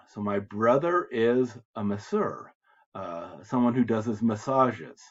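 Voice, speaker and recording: A man's voice: on the low side, lively intonation, unhurried. An American man teaching French reading, who reads French phrases aloud and then patiently explains them in English. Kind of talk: recorded lecture explaining translations. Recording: slightly dull lo-fi lecture audio.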